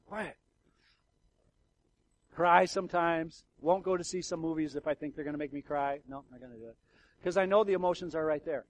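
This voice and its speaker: A middle-aged man delivering a sermon, his voice sitting somewhat high for a man. He talks to the congregation in a loose, conversational way, with fillers and restarts. His volume swings widely, from a hushed murmur to loud, emotional outbursts. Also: low-quality recording. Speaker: pastor.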